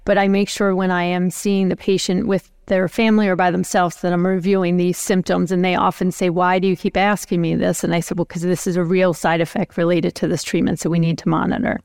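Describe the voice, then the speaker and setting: A clinician on a medical panel, recounting in an even way how they talk with patients. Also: medium pitch, brisk, gravelly, few pauses, clear, resonant tone, no room sound, studio quality. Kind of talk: continuing-education panel discussion.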